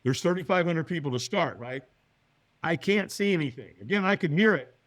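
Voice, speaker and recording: Animated male storyteller, lively pitch. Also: brisk, dry recording. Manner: acts out quoted voices, often with a higher pitch; lively, talks to the listener with "right?". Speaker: podcast guest.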